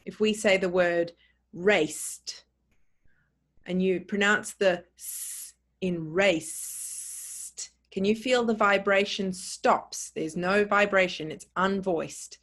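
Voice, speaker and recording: A woman with a mid-range, fairly bright voice teaches a pronunciation lesson, saying words slowly and clearly. She repeats them and spells each out letter by letter.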